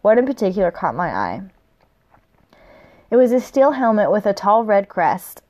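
A woman reads a fantasy novel aloud at a moderate pace, her mid-range, slightly mellow voice swinging widely in pitch on a lo-fi recording. Now and then she stumbles on a hard word or pauses to laugh and chat about the story.

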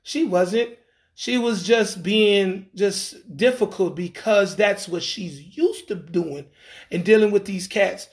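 A man telling a rambling dating story in a casual monologue, slangy and animated, acting out what people said. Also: sits high, takes it slowly. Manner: rambling, animated, acts out quoted lines; frequent fillers and restarts, slangy.

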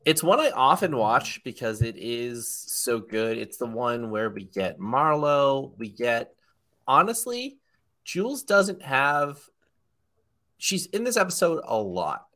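A man co-hosting a casual podcast, animated and jokey, who likes to drop into silly voices. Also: medium pitch, slow pace. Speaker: podcast co-host.

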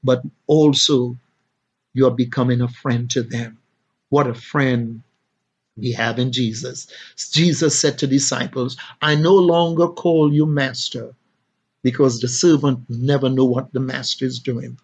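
A pastor preaching a sermon, rising and falling dramatically in pitch and volume. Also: male voice, fairly even intonation, unhurried, husky. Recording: dull lo-fi recording.

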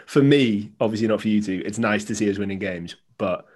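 Man, lowish pitch, teasing, casual. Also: brisk, a little mellow. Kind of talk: casual chat.

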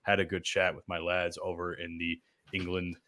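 A man's voice: low-pitched, level tone, normal speed, sharp tone, slight background noise. Goofy, friendly American man. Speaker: podcast guest. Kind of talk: casual podcast chat.

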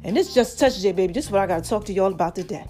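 A woman casually telling a story to her viewers, animated and emphatic, speaking straight to the audience. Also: mid-range voice, racing, faint music behind.

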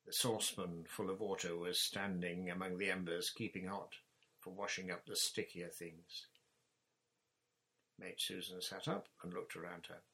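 A man narrating a children's story chapter in a measured, plain reading voice. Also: deep voice, level tone, bright, forceful tone, breathy edge, rough recording. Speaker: audiobook narrator.

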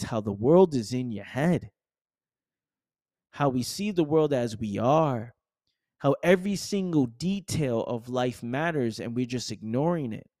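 A man's voice: on the high side, darkish tone, no room sound, clean studio sound. A man hosting a podcast, giving a passionate motivational monologue full of slang and repetition. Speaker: podcast host.

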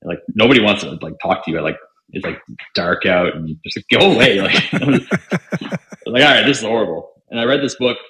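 A man's voice: deep voice, expressive, brisk, a bit bright. A young man, a podcast guest, telling stories casually with lots of fillers and acted-out quotes. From Canada. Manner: chatty, filler-heavy, acts out quoted dialogue. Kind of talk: casual storytelling. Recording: roomy echo.

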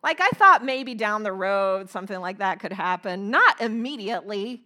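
Bright-voiced woman preaching. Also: fairly high pitch, expressive. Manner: earnest, emphatic with slow stressed phrases. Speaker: speaker. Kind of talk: sermon.

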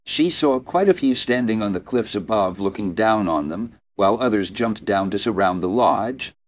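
A male audiobook narrator with a fairly low voice, reading fantasy fiction. He tells the story in a steady, even manner. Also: normal speed. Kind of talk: scripted narration.

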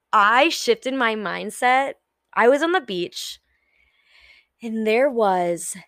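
A woman's voice: mid-range voice, a bit bright, no room sound, studio quality. A young woman hosting a solo podcast, talking frankly and casually, swearing freely and acting out her own inner voice. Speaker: podcast host.

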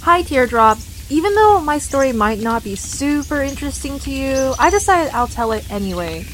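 A woman voicing a shy, quiet cartoon egg who tells her story in a meandering, self-deprecating way. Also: high-pitched, very animated, normal speed, slight background noise. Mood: rambling. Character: shy quiet egg character, content and low-key. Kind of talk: cartoon character monologue.

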